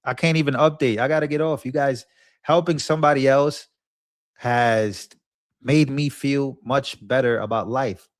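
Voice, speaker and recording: An earnest young man hosts a live stream, rambling and circling back over his own words. His voice sits at an ordinary pitch for a man. The sound is close and dry, with no room around it. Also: steady tone, moderate pace, no room sound. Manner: earnest, rambling, repeats himself. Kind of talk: emotional live-stream talk.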